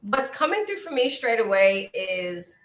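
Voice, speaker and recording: A woman's voice: mid-range voice, sing-song, measured pace, echoey room. A woman giving a live oracle card reading, musing aloud with fillers and restarts.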